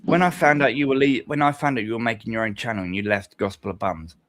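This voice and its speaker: A man's voice: mid-range voice, fast, a bit bright, no room sound, studio quality. A man, talking on a live stream panel in a rambling, hesitant, sweary way. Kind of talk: casual stream chat.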